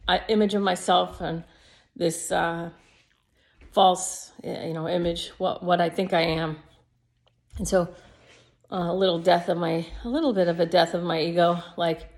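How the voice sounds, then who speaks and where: Rambling woman in her fifties. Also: on the low side. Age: 50s. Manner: rambling and reflective. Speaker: yoga teacher. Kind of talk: personal video diary.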